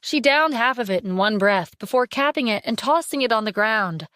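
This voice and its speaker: A woman narrating a scripted audio drama with steady storytelling. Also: on the high side, normal speed, smooth, no echo, studio quality.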